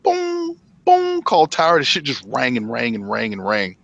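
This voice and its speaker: A man's voice: medium pitch, normal speed, creaky, no room sound, muffled recording. A middle-aged man telling a long profane story in casual chat, acting out the quotes. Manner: profane, animated, acts out quotes. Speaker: podcast host.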